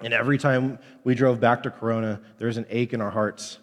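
A man in his thirties preaching in a church, at a moderate, ordinary pitch. He talks in a candid, conversational way. A long reverb hangs on his words in the sanctuary. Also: fairly even intonation, fairly quick. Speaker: pastor. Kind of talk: sermon.

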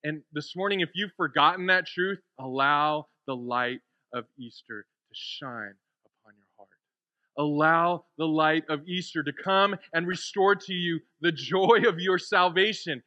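A male pastor delivers a heartfelt sermon to his congregation. His voice sits high and sounds bright and forceful. He speaks with feeling and sometimes gets choked up. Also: measured pace, dry recording, highs cut off. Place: church with a congregation.

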